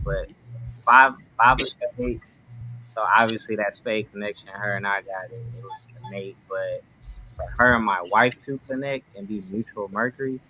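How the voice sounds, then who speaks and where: Man, guest, animated storyteller, bright forceful tone, lowish voice, faint hiss. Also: moderate pace, lo-fi sound. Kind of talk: casual livestream chat.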